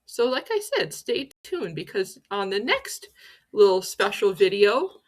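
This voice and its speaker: Unhurried but very animated, a woman of medium pitch narrates folklore for her pagan channel. She makes the lessons playful and theatrical, mocking herself along the way.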